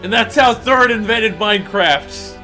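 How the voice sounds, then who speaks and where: A man streaming a game, talking casually and profanely, venting in an animated way with loud mock outbursts. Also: high-pitched, a little slow, faint music behind. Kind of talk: casual gaming stream commentary.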